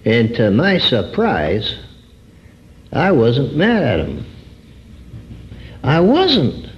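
A man giving an earnest personal testimony sermon, swinging between high emphatic phrases and low drawn-out words. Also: huge pitch swings. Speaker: preacher. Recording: dull lo-fi recording.

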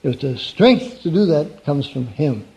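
A man's voice: a little high, sing-song, unhurried, gravelly, mellow. Folksy man preaching an evening sermon. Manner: conversational, folksy, asks the audience questions. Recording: dull lo-fi recording.

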